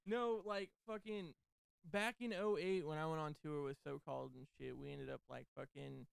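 A man's voice: a little high, fairly even intonation, moderate pace, vocal fry, clear, resonant tone, dry recording. Profane, rambling podcast co-host man. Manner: profane, rambling, laughs often. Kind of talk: crude casual banter.

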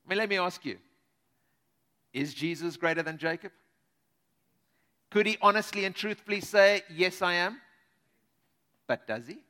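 Man preaching, chatty and animated, talks right to the folks, high bright voice. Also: normal speed, long pauses. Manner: animated, conversational, addresses listeners directly. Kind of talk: sermon.

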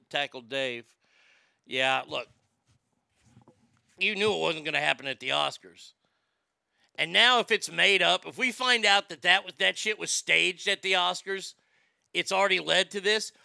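A man's voice: a little high, normal speed, creaky, sharp tone, clean tone, no room sound, studio quality. A man hosting a show in casual chat, rambling and profane, with stammering restarts and boastful talk. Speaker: show host.

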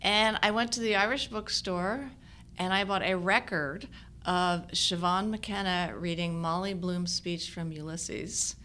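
Woman in her sixties, low-pitched, bright tone, animated storyteller, laughs a lot. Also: measured pace, slight background noise. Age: 60s. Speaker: guest actress. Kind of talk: casual interview chat.

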